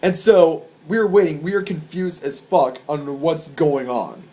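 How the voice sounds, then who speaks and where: Young male vlogger with a slightly high voice. Rambles through crowd stories, swears freely and gets excited. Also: measured pace. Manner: excitable, profane, rambling with restarts. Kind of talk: casual storytelling to camera.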